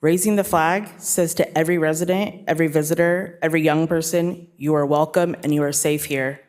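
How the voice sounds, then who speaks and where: Earnest speaker, mid-pitched voice. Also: fairly even intonation, fairly quick. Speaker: director of a community organization. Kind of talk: brief prepared public comment.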